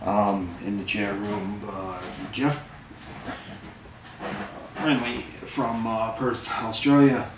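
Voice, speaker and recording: A man's voice: fairly low pitch, level tone, slow pace, long pauses, background noise. Rambling man in an echoey kitchen. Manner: rambling, profane, with many fillers. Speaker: vlogger. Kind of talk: casual storytelling to camera. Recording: echoey room, voice far from the mic, clattering dishes.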